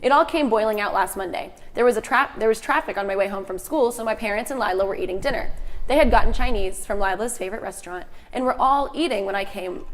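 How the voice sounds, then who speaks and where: A woman's voice: medium pitch, fast, in a large hall. A woman co-hosting a casual afternoon show. She chats with her co-hosts and reads a story aloud, often restarting her sentences. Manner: chatty, restarts lines while reading. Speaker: co-host.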